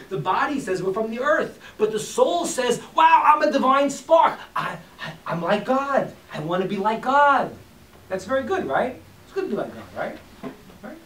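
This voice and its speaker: A teacher giving an informal talk to a live audience, acting out quotes and joking with the room. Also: medium pitch. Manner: animated, acts out quotes and jokes with the room. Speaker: teacher of a class. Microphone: distant from the mic. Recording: echoey room, distant mic, faint hiss.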